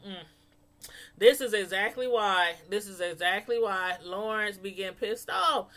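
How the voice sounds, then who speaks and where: A woman casually reviewing a reality show episode, gossiping in an animated way. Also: mid-range voice, unhurried. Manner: animated, gossipy, laughing asides.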